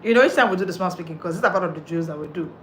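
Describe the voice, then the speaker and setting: Lady coach hammering tips home, kinda low voice, repeats herself a lot. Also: rapid-fire, a little hiss or hum. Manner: emphatic and repetitive, drilling points home. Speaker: speaking coach. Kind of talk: motivational coaching talk.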